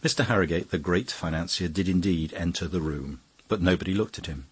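A man narrating an audiobook in a measured, even reading. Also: low voice, slightly rough. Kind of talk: scripted narration.

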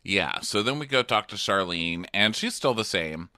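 Campy, lively man recapping with jokes. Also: fairly low pitch, normal speed, no echo, clean studio sound. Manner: campy, mocking, acts out lines in silly voices. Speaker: podcast co-host. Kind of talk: casual comedic recap chat.

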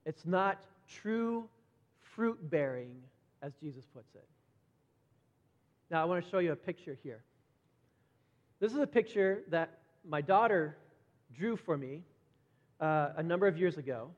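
A middle-aged man preaching a sermon conversationally, repeating words as he goes and brightening when he acts out quoted voices. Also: on the high side, expressive, a little slow, long pauses. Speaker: pastor. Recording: dull lo-fi sound with long hall reverb.

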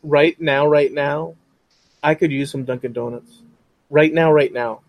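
A man's voice: on the high side, steady tone, unhurried, dry recording. A man hosting a podcast in casual chat, rambling and often saying frickin'. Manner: rambling, says frickin' a lot. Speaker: podcast host.

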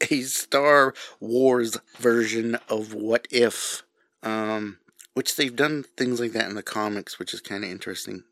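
A man's voice: on the low side, takes it slowly, fairly bright tone, no room sound, clean studio sound. A middle-aged man with a New England accent, co-hosting a podcast in casual chat and laughing often. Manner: laughs often, jokey asides. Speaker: podcast co-host.

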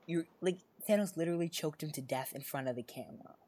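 Podcast co-host, casual chat, excitable, rambling, lots of fillers and restarts. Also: medium pitch, fast talker.

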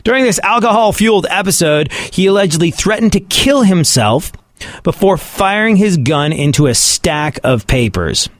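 A man's voice: high voice, animated, normal speed, no room sound, studio quality. A man giving sarcastic comedic commentary on the news and often laughing at his own points.

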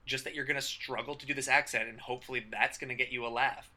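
A man's voice: medium pitch, fairly even intonation, quick pace, sharp tone. A man co-hosting a casual podcast, explaining improv tips in an easygoing, teaching way. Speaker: podcast co-host. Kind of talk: casual chat.

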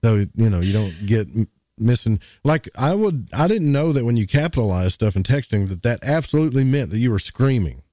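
A man's voice: medium pitch, expressive, fairly quick, warm tone, dry recording. A man, co-hosting a podcast in casual, rambling chat with jokes. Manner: folksy, rambling, jokey. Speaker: podcast co-host.

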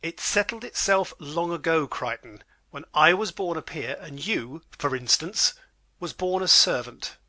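A man plays a pompous, blustering aristocratic father, all lordly bluster and indignation. His voice leaps about with animated, lively pitch and a bright, forceful edge. Recorded dry and close. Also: unhurried, no echo, full character voice. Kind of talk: amateur audiobook drama reading.

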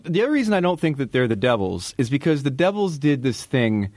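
A man's voice: medium pitch, very animated, fairly quick, darkish tone, dry recording. A man co-hosting a casual chat podcast, teasing his partner and arguing his points. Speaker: podcast co-host.

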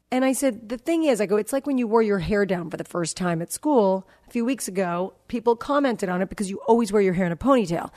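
A woman's voice: mid-range voice, lively intonation, fairly quick, darkish tone. A woman in her forties hosting a podcast, telling a story about her kids in a casual chat and acting out their dialogue. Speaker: podcast host.

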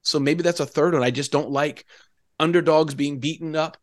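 A man as an interview guest, telling stories in an animated, emotional way. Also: fairly high pitch, moderate pace. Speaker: interview guest, keynote speaker. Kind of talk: casual interview conversation.

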